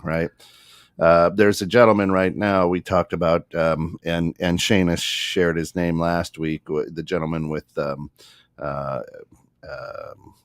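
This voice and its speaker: A deep-voiced man tells stories in a loose, halting way, full of fillers and restarts and breaking into laughter. The sound is dry and close, with no room around him. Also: flat delivery, dry recording. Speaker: podcast guest. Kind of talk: casual storytelling chat.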